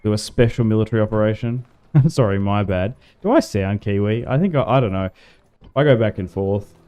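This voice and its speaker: A laid-back gaming livestreamer from Tasmania, Australia, offers casual commentary while he plays, in a smooth, low, mellow voice at a brisk pace. He rambles and chats, greeting and answering chat with lots of "like" fillers.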